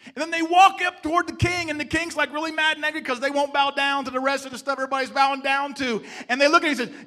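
A man preaching a sermon, emphatic and stammering through restarts, asking his congregation rhetorical questions and swinging between loud emphasis and soft, hushed lines. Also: very high voice, flat delivery, fast talker.

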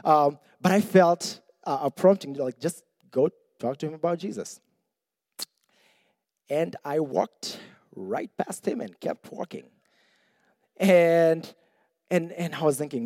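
A young man delivers a sermon in a relaxed, conversational way, joking at his own expense and restarting his sentences. His voice is somewhat high but mellow. The sound is dry and close. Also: a little slow, creaky, pauses often, dry recording, in a large hall. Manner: conversational, self-deprecating, with frequent restarts.

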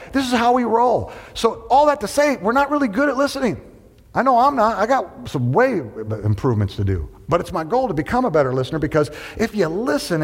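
A male pastor delivers a sermon with a lively, swooping delivery, teasing and chatting with his congregation. His voice carries a long reverberant tail from the church hall around him. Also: a little high. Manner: animated, conversational, joking with the congregation. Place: church sanctuary.

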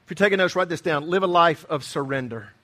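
A man's voice: a little high, fast talker, bright, forceful tone. A middle-aged man preaching a sermon, earnest and emphatic, often repeating his key phrases. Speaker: pastor.

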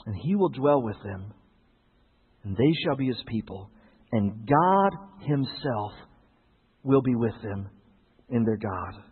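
A man's voice: mid-range voice, lively intonation, takes it slowly, pauses often, slightly rough, big-room sound, narrow, tinny audio. A male pastor preaching a sermon, telling stories with jokes for the congregation.

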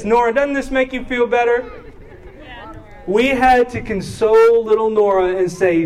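A high-voiced man preaches slowly and deliberately, telling a family story and acting out its voices. He sounds set back from the microphone, with a faint hum of the room behind him. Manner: animated, acts out voices in his stories. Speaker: pastor. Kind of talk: sermon with personal storytelling. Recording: distant mic with faint room noise.

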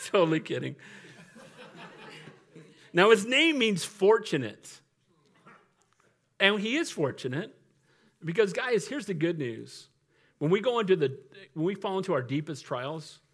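Male pastor, high voice, middle-aged, joking sermon, chatty delivery. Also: a bit bright. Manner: humorous, conversational, laughs often.

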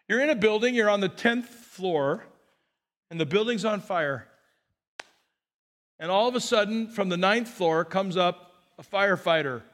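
High-voiced animated male preacher. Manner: animated, joking preacher with repeated restarts. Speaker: pastor. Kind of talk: sermon.

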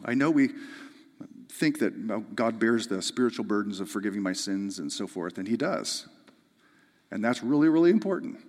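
A man preaching a sermon, building to emphatic, fervent peaks and dropping back to soft, earnest explanation. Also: medium pitch. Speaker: pastor. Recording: long hall reverb.

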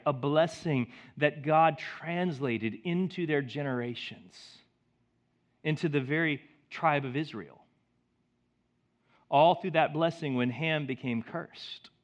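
Animated high-voiced male pastor preaching. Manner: animated storytelling, swinging from loud to soft. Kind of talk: sermon. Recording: dull lo-fi recording.

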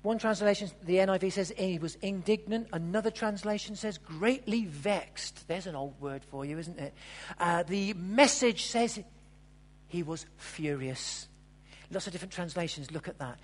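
A preacher giving a sermon, telling the story vividly and swinging between loud exclamations and hushed asides. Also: mid-range voice, moderate pace. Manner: animated storytelling, acting out the characters' lines.

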